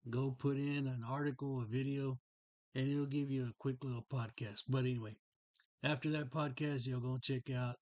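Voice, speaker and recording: A man's voice: mid-range voice, steady tone, normal speed, a little mellow, no room sound. A middle-aged man, hosting a podcast and telling a rambling, folksy story about a collectible. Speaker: podcast host. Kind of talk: casual show-and-tell chat.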